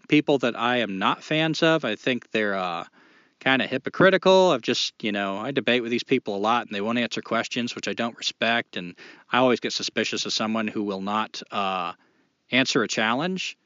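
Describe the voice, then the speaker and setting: A man's voice: mid-range voice, fairly bright tone, dry recording, highs cut off. A man co-hosting a podcast in casual chat, blunt and opinionated, swearing freely. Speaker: podcast co-host.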